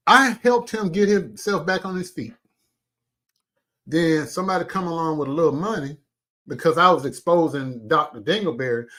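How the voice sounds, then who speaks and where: Male host, fiery profane rant, lively pitch. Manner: animated, profane, mocking imitations. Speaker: commentary show host. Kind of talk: heated commentary rant.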